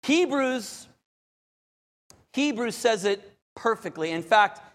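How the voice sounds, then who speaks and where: A man preaching a sermon as pastor, dramatic, moving between loud urgency and hushed calm. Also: high voice, takes it slowly. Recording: long hall reverb.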